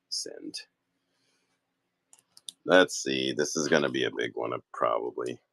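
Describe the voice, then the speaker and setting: A man who owns a toy store, chatting casually through a live-stream auction, rambling with quick apologetic asides. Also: rumbling low, creaky, fairly bright tone, no room sound. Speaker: toy store owner running online auctions. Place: indoor shop room.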